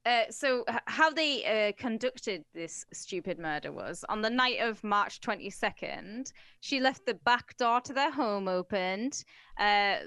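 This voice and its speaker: Bright-voiced woman, blunt and wry. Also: mid-range voice, animated, unhurried, clean tone, no echo. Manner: blunt, wry, crude humor. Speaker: podcast co-host recounting a case. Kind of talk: casual chat.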